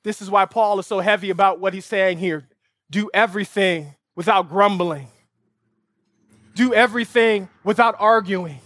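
Here a man with a high-pitched, slightly bright voice preaches at a moderate pace during a service on an outdoor lawn. As pastor, he shares a vivid family story, then builds passionately toward emphatic rhetorical appeals he keeps repeating. The recording is dry and of studio quality.

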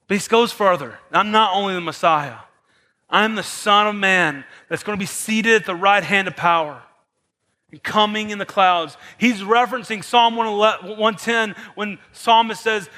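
A man preaching a sermon as pastor, moving between soft, hushed lines and raised, emphatic ones. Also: high voice. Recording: long hall reverb.

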